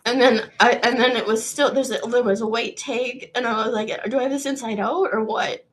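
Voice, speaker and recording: A woman's voice: fairly high pitch, fairly even intonation, a little fast, a little hiss or hum. A woman in her thirties hosting a casual livestream, rambling and chatty, swearing freely and trailing off mid-sentence. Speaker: livestream host.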